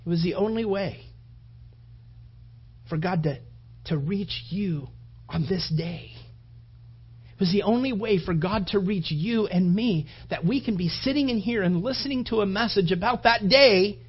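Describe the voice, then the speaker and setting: A man preaching a sermon with passion, his voice rising toward shouts and then dropping low. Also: a little slow, long pauses, husky, highs cut off. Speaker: pastor.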